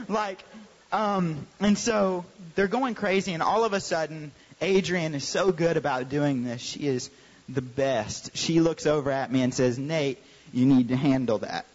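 A young adult man, a youth pastor, telling a lively story in a sermon and acting out the voices of the people in it. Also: high-pitched. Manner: animated storyteller, acts out quoted voices. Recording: dull sound with long hall reverb.

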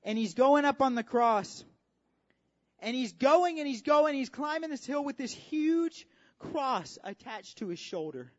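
A preacher delivering a dramatic sermon, repeating phrases for emphasis and swinging from hushed tones to shouts, recorded at a church service. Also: high-pitched, expressive, unhurried. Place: church service with worship team. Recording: dull lo-fi audio with faint music.

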